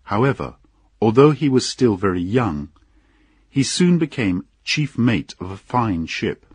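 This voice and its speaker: A man narrating an audiobook in an unhurried, expressive storytelling manner. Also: fairly low pitch, husky, dry recording.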